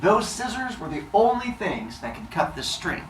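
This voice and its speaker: A man's voice: high-pitched, very animated, normal speed, reverberant, distant mic, slight background noise. A male teacher telling myths to his class, playful and acting out scenes with sound effects. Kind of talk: classroom storytelling.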